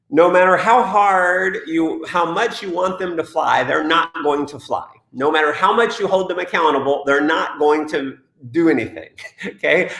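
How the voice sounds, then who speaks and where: A man coaching network marketers in a live question-and-answer session. He talks in an energetic, motivational way and reads out viewer questions. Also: a little high, vocal fry, roomy sound.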